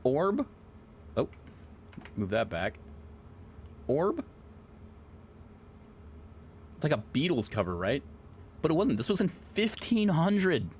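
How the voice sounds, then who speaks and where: A man streaming live, chatting casually in an excitable, rambling way and swearing a lot. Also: a little high, moderate pace, slight background noise.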